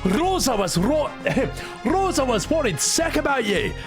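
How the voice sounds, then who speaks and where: A man's voice: very high voice, big pitch swings, measured pace, over music, pitched above the performer's own voice, full character voice. A man putting on a swearing engineer. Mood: blustery scolding. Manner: swearing, blustery, scolding. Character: gruff foul-mouthed Scottish airship engineer, older man.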